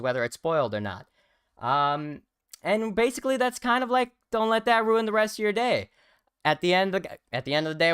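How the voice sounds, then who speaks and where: A man's voice: a little high, fairly bright tone, clean tone, dry recording, clean studio sound. A young man co-hosting a casual livestream, joking and rambling with lots of fillers. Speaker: co-host.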